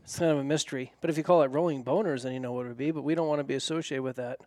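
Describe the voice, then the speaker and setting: A man interviewing a guest casually, with quick interjections and jokes. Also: medium pitch, fairly even intonation, a little mellow, no room sound, studio quality.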